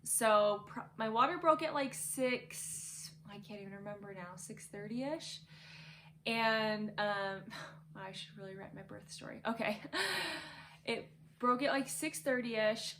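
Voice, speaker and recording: A woman's voice: mid-range voice, measured pace, fairly bright tone, a little hiss or hum. A young woman casually telling a birth story from her bedroom, chatty and laughing, full of "like".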